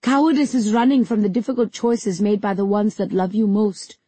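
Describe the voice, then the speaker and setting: A woman's voice: medium pitch, brisk, warm tone, breathy edge, no echo, natural voice. A woman reading as a proud immortal king. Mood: indignant. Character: proud immortal male king, defensive and stern.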